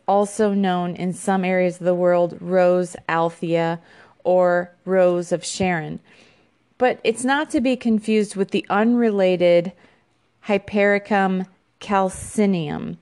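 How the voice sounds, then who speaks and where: A woman's voice: mid-range voice, slow pace, darkish tone, clean tone. A woman hosting a podcast about an herb, reading an informational segment with small fillers and restarts. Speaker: podcast host.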